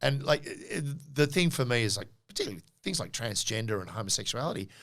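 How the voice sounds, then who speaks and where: A man's voice: mid-range voice, vocal fry. An Australian man in his forties, a podcast co-host telling stories in an interview and acting out what people said. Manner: animated storyteller, acts out quotes. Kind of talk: casual interview storytelling.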